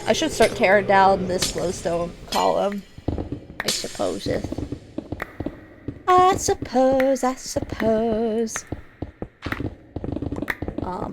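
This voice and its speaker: With a gravelly, mid-range voice, a woman streamer chats loosely over a block-building game, packing in fillers and giggling frequently. There's audible background noise.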